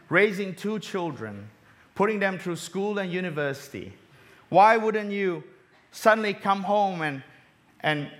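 A middle-aged man from Malaysia giving a sermon, telling a personal story and dropping soft and low on tender moments. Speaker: preacher.

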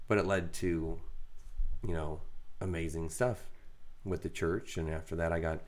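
Very deep-voiced man telling a story. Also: moderate pace. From raised in a Mennonite Brethren community. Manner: candid, self-deprecating, animated when quoting others. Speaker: podcast co-host. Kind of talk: casual storytelling.

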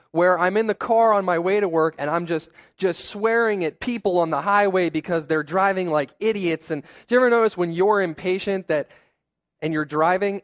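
A young man preaches in a relaxed, conversational way, mixing personal stories with quick asides. His voice sits a little high for a man. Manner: conversational, self-deprecating storytelling with asides. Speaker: pastor. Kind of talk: sermon.

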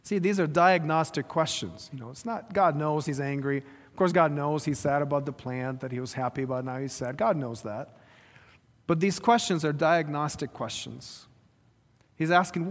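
A man's voice: a little high, normal speed. A man preaching a sermon, retelling a story and pressing his listeners with rhetorical questions. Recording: reverberant hall.

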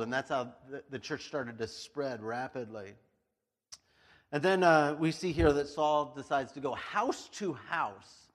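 A male pastor giving a casual, chatty sermon, telling the story with frequent laughs and acted-out voices. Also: mid-range voice. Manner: chatty, laughs often, lots of "like".

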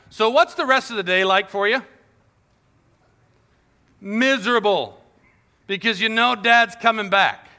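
A man preaching to children and families, animated and playful, acting out little scenes as he tells the story. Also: high voice, unhurried, pauses often. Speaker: pastor. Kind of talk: sermon to kids and families.

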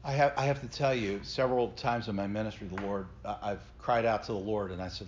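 A man's voice: on the low side, fairly even intonation, quick pace, few pauses, slight background noise. A middle-aged man, a pastor, teaching a Bible study class and explaining scripture earnestly to his group. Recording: slightly dull lo-fi recording.

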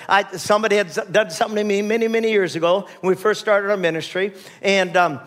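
High-voiced male pastor preaching. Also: fairly bright tone. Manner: preaching with scripture readings, sudden emphatic rises. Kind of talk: sermon.

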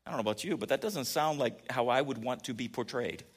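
A man preaching a conversational sermon, asking his listeners questions and moving between quiet asides and emphatic peaks. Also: mid-range voice, fast, slightly rough. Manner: animated, asks the audience questions, swings between soft asides and emphatic peaks. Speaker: pastor.

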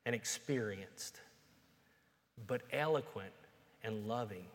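A man preaching a sermon, moving from plain conversational talk to loud, emphatic peaks. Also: fairly low pitch, slow pace. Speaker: pastor. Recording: long reverb of a hall.

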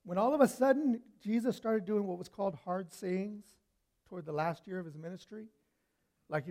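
A man preaching a sermon, telling stories with lively swings from loud to hushed. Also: high voice, normal speed.

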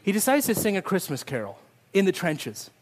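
A man's voice: sits high, sing-song, a little fast. A man preaching a Christmas Eve sermon as pastor, telling stories and leading prayer. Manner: storytelling with sung snippets, ending in prayer. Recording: long hall reverb.

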